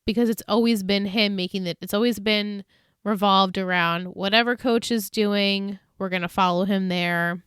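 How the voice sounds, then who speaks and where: A chatty woman co-hosting a podcast, blunt and quick to swear and laugh. Her voice is smooth and clear, recorded close and dry with no room sound. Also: mid-range voice, fairly even intonation, fairly bright tone, no room sound. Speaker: podcast co-host. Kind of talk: casual chat recapping a TV episode.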